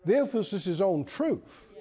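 Speaking at a moderate pace in a high, mellow, husky voice with big pitch swings, a man delivers a sermon to his congregation. He's emphatic, repeats himself, and often asks the listeners questions, all in a dull, lo-fi church hall recording with reverb.

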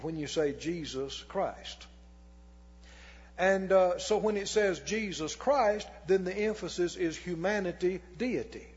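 A man preaching a sermon as pastor, reading scripture slowly and putting questions to the congregation that he answers himself. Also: sits high, a little mellow, husky. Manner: reads scripture slowly and deliberately. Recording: long hall reverb, dull lo-fi sound.

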